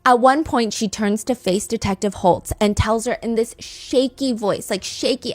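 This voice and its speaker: Woman host, true crime storytelling, fairly high voice, animated, conversational, dry close mic. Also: normal speed, hardly any pauses, no echo. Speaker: podcast host.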